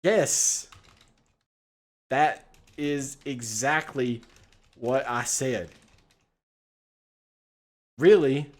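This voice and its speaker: An American man with a medium-pitched voice speaks extremely slowly, pausing often, while streaming a text adventure game. His commentary is casual and rambling, packed with swearing and frequent laughter.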